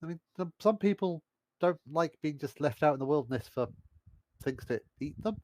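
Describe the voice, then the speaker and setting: A man chatting as a player in a tabletop role-playing game, animated and laughing often as he acts out quotes. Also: fairly high pitch, normal speed, dry recording. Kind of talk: casual tabletop role-play chat.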